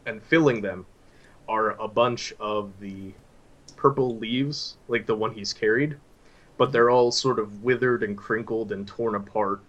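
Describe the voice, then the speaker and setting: A man narrating scenes as game master in a tabletop story game, with halting, filler-heavy description. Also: on the low side, fairly even intonation, lo-fi sound.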